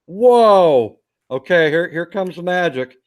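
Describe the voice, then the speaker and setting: A man's voice: high-pitched, expressive, takes it slowly, clear, resonant tone. A man co-hosting a casual live stream, plain-spoken and enthusiastic, often tagging "okay?" onto what he says. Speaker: co-host.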